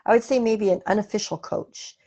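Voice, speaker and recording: A woman from Portland, Oregon, asking a thoughtful, hesitant question during a webinar, with many pauses and fillers. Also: medium pitch, dark tone. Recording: lo-fi webinar audio.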